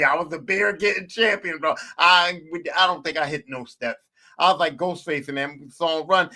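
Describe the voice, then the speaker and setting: A man tells stories in a fairly high, bright, edgy voice. He talks loosely and profanely, circling back over his lines for emphasis and swinging between hushed and loud. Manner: animated, profane and repetitive. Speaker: podcast host. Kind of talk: casual storytelling monologue.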